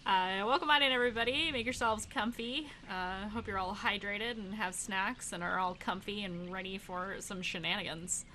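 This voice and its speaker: A woman's voice: medium pitch, steady tone, normal speed, hardly any pauses, sharp tone, slight background noise. A woman narrating as dungeon master of a tabletop game, chatty and laughing often, thinking aloud with fillers.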